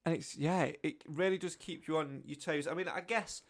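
A man's voice: on the high side, normal speed, vocal fry. A man co-hosting a podcast in casual chat, jokey and rambling as he thinks aloud. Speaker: podcast co-host.

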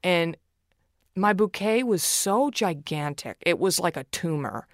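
A woman's voice: on the low side, lively intonation, measured pace, no echo, clean studio sound. A woman guest in a casual chat who vents in a profane, emphatic, self-deprecating way.

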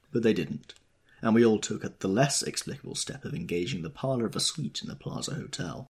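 This is scripted audiobook narration by a man whose voice is low and husky. He tells the story in a wry, reflective way.

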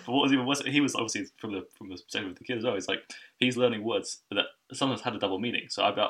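Rapid-fire man, bright and distant. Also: lowish voice. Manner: rapid, animated storytelling with laughs. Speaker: podcast host. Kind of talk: casual chat. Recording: distant from the mic.

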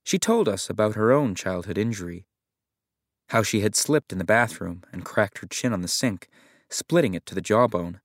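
Low, dry-voiced male reader for a reflective short story, measured delivery. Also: lively intonation, dry recording. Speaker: story narrator. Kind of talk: audiobook narration of a short story.

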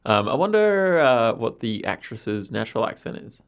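A man co-hosting a podcast in casual chat, halting and hesitant as he recaps. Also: medium pitch, sing-song, clear, resonant tone. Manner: hesitant, halting, many restarts. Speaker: podcast co-host.

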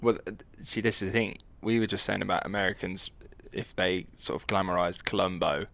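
A man co-hosting a casual podcast, reacting and chiming in with quick, blunt remarks. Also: sits low, fairly even intonation, gravelly, a bit bright. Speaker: podcast co-host.

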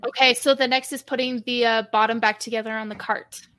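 A woman running a tabletop game as game master, calmly guiding players and calling for dice rolls. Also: on the high side, brisk, no room sound. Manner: calm, guiding, asks players to roll dice.

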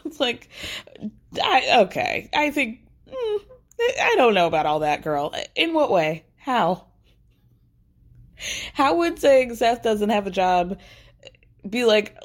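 A woman's voice: medium pitch, sing-song, a little slow. Woman host for a casual recap chat. Wry and talky, full of "like" and side comments. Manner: chatty and wry, lots of "like" and asides. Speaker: podcast host recapping a TV episode.

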